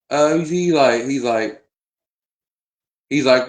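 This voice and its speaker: A man's voice: mid-range voice, expressive, takes it slowly, pauses often. A man vlogging in a casual chat to camera, rambling and hesitant with frequent restarts.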